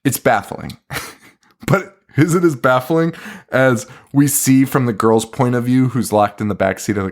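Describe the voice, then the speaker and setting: A man co-hosting a podcast, casually recapping a film scene by scene, swearing often and laughing in disbelief. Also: medium pitch. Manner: profane, laughing, incredulous recapping. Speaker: podcast co-host. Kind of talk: casual movie review chat.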